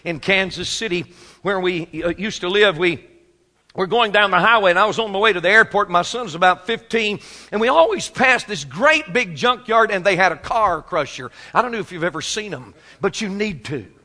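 A man in his fifties preaching a sermon, moving from quiet storytelling to shouted exhortation. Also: high voice, animated, normal speed. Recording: long hall reverb.

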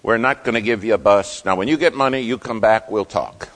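A man's voice: fairly low pitch, a little fast, a bit bright, in a large hall, close to an everyday voice. A man voicing a blunt, dismissive company vice president in a sermon story. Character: curt, self-important company vice president.

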